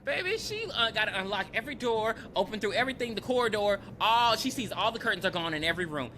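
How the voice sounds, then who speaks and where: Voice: medium pitch, quick pace, a little hiss or hum. A podcast co-host casually recapping a film, acting out the characters' lines and swearing freely. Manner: animated, acts out characters' lines; swears freely, calls listeners baby. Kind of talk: casual movie recap chat.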